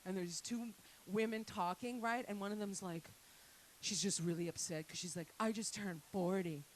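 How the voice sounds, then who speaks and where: A woman's voice: medium pitch, moderate pace, slight background noise, poor audio. A woman doing a crude, rambling stand-up set with lots of asides to the crowd. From Italian-Canadian family. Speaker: stand-up comedian. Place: comedy night venue.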